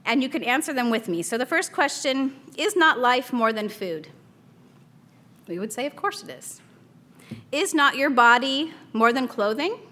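A woman's voice: high-pitched, expressive, normal speed, bright, forceful tone. A woman in her thirties teaching a Bible study in a chatty, casual way, laughing often and acting out a toddler's small voice.

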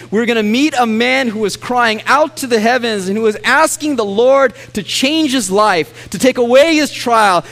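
A man's voice: extremely high pitch, fairly bright tone. A man preaching a sermon as a pastor, reading scripture earnestly and letting his voice rise and swell on the pleading lines.

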